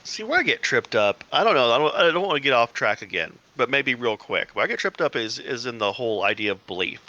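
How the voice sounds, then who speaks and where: Hesitant man with bright, tense voice. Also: mid-range voice, expressive, fast talker, dull audio. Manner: hesitant, searching for words. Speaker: participant. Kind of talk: casual discussion.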